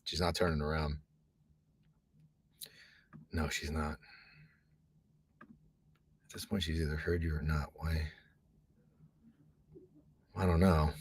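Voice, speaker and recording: A man hosting a casual sports betting chat from an office booth, talking loosely and profanely, rambling, at times hushed and at times loud. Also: extremely low pitch, little pitch movement, slow, pauses often, breathy edge. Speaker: sports betting podcast host.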